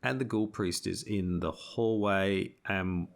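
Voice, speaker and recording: Low gravelly guy reading card game story text, laid back. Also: takes it slowly. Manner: relaxed, laughing often, reads flavor text aloud. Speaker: game host. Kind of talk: narrating and playing a tabletop card game.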